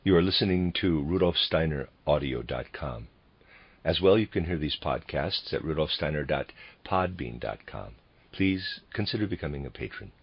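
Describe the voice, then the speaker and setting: Audiobook reader: a man with a very low, husky voice, measured, on a dull lo-fi recording. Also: lively intonation. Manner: measured, reads bracketed notes aloud. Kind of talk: reading lectures aloud.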